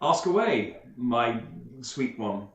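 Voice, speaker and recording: A man's voice: mid-range voice, sing-song, slow, fairly bright tone, echoey room, lo-fi sound, pitched below the performer's own voice. A man voicing a short, debonair young male noble who woos his betrothed with flowery, gallant speech.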